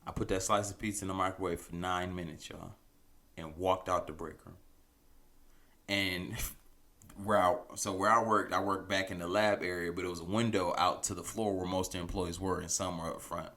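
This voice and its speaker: A man's voice: deep voice, normal speed. A man hosting a podcast, telling a story casually and animatedly, often chuckling as he goes. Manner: animated, chuckling, loose conversational delivery. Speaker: podcast host.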